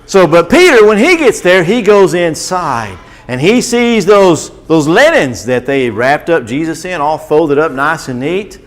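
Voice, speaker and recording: Animated man telling Bible stories. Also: a little high, measured pace, few pauses. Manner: animated, asks children questions. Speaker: children's Bible class teacher. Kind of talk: Bible storytelling to children.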